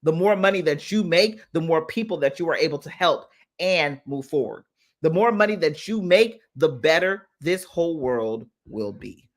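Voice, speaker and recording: A woman's voice: sits low, animated, a little slow. A woman coach talking casually to her followers on a live stream. She is emphatic and heartfelt and repeats phrases for effect. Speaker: business mindset coach.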